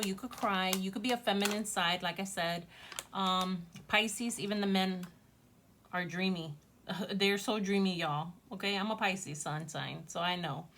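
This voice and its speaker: Talking straight to her audience, a tarot reader gushes and chats casually as she does a reading. She has a mid-range voice, and there is background noise.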